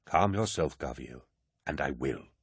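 A man voicing a calm rational scholar. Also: very deep voice, a little slow, slightly rough, dry recording, clean studio sound, pitched below the performer's own voice, full character voice. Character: older male scholar-advisor, calm and rational. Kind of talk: audiobook character voice.

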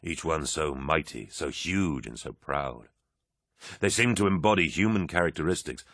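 Very deep-voiced male audiobook narrator. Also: expressive, normal speed, fairly bright tone, breathy edge, no room sound, clean studio sound. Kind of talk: scripted narration.

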